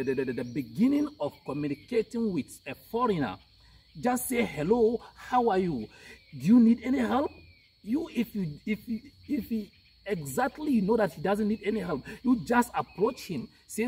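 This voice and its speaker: A man's voice: a little high, darkish tone, slightly rough, far from the mic. A man giving informal advice on communication, emphatic and full of "you know", acting out friendly greetings. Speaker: guest speaker on communication.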